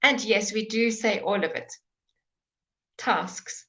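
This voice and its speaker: A woman's voice: mid-range voice, moderate pace, a bit bright. A woman teaching English pronunciation in a live online lesson, patiently modelling sounds and encouraging questions.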